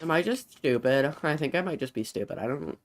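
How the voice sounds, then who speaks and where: A man's voice: fairly high pitch, brisk. A young man commentating on his game, rambling and interrupting himself, short of breath. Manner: rambling, self-interrupting, animated. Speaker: gamer streamer. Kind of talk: casual gameplay commentary.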